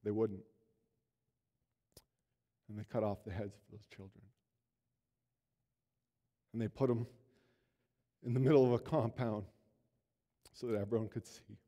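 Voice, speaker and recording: A man preaching a sermon as pastor, telling a story earnestly, his voice swelling and then dropping low. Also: fairly even intonation, unhurried, pauses often, dark tone. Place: church sanctuary. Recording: long reverb of a church hall.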